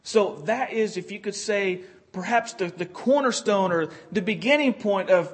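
A male preacher delivering an earnest sermon, often acting out the prayers of biblical figures. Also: high-pitched. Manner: earnest, repetitive restarts, quotes prayers in character.

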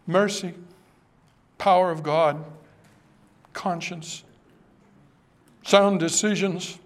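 A preacher delivering an impassioned sermon, dropping often to hushed, solemn tones. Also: male voice, sits high.

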